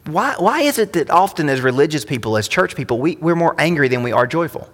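Man, pastor, impassioned sermon, bright forceful tone, reverberant hall. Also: sing-song, quick pace. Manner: impassioned, climbing higher and louder when reading scripture.

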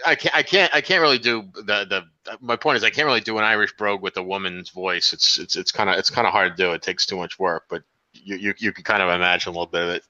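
A man co-hosting a casual podcast, reminiscing in a halting way with frequent restarts. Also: sits low, steady tone, pushed and bright, no room sound. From New York. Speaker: podcast co-host. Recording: dull lo-fi dry sound.

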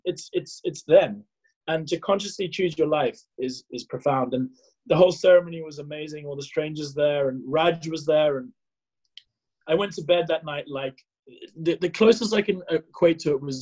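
Husky-voiced storytelling man. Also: fairly high pitch, low-quality recording. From South Africa. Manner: animated, acts out his own past dialogue, many fillers and restarts. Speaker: podcast guest. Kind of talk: casual storytelling.

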